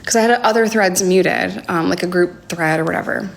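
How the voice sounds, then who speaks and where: Halting, low-voiced young woman livestreaming. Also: vocal fry, slight background noise. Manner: halting and hesitant, full of fillers, drops to a near whisper at times. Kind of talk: livestream storytelling. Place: home, indoors. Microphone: phone livestream.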